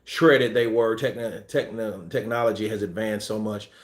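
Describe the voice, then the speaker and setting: A man hosting a boxing news channel, chatting casually and acting out scenes with shouts and sound effects. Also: lowish voice, fairly even intonation, moderate pace, roomy sound. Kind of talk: casual live-stream chat.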